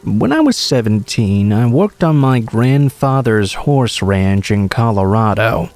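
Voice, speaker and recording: A man reading true horror stories aloud as scripted narration, in a steady, measured way. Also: on the low side.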